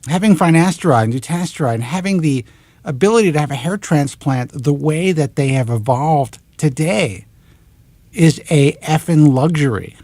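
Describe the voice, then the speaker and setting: A man in his forties with a New York accent, hosting a talk show and ranting in an animated, exasperated monologue into a close studio mic. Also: a little high, moderate pace, dry recording. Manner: animated, exasperated, swears in clipped letters.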